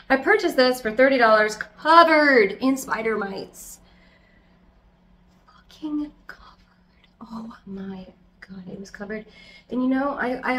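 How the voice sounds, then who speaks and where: A woman chatting casually as a plant vlogger, talking loudly, giggling, swearing and talking to her plants at home. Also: fairly high pitch. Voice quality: loud, close to yelling. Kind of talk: casual chat. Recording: echoey room with faint background noise.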